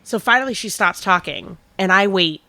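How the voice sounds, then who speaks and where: A woman's voice: mid-range voice, animated, normal speed, bright, forceful tone, no echo. A woman and podcast co-host who manages a restaurant, telling a work story in casual chat. She swears now and then and acts out both sides of the conversation.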